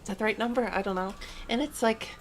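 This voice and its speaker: A woman's voice: mid-range voice, quick pace, slight background noise. A woman streaming a game and chatting casually, rambling in a playful, self-mocking way. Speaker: VTuber streamer.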